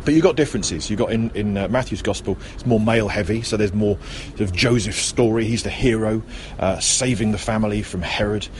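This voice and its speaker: A man's voice: fairly low pitch, a little fast, hardly any pauses. A middle-aged man hosting a casual, chatty talk outdoors while out shopping, often correcting himself and joking. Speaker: host. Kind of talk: casual talk about Christmas history. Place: outdoors near a road, out shopping. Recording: outdoor street recording with faint traffic.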